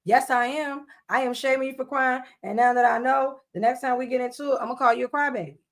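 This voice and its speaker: A woman's voice: high-pitched, steady tone, quick pace. A woman giving casual reaction commentary, blunt and scolding, repeating her points with emphasis.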